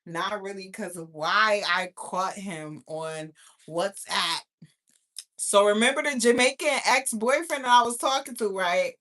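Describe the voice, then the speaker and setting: A woman in her thirties telling a profane, animated storytime rant as a vlogger. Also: medium pitch, unhurried. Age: 30s.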